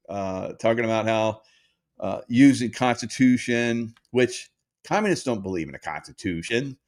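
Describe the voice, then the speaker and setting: A low-voiced older man in his sixties talks casually to his followers as the host of his own show. His delivery rambles, with frequent pauses, hesitations and restarts. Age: 60s.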